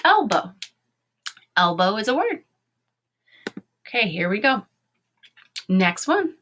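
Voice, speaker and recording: A woman teacher in her thirties leads young children through a phonics lesson. She talks patiently and sounds out each letter and syllable slowly. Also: mid-range voice, sing-song, a bit bright, slight background noise.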